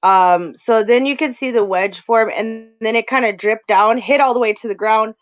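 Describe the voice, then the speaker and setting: A woman from North Dakota co-hosting a casual livestream chat, talking in quick bursts. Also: fairly high pitch, faint music behind. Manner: chatty, talks fast in bursts. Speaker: co-host. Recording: dull lo-fi stream audio.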